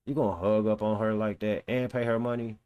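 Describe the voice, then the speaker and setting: A man's voice: lowish voice, fairly even intonation, a little fast, mellow, smooth, highs cut off. A man reading a news article aloud and breaking off into blunt, mocking, profane reactions. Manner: blunt, mocking, swears, reads quotes aloud then reacts. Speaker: commentary host.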